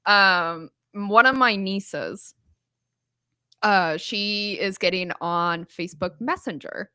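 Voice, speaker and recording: A woman's voice: medium pitch, slow, smooth, no echo, clean studio sound. A woman guest who works in cybersecurity, chatting casually on a podcast and telling stories with frequent laughter. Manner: lively storyteller, laughs often.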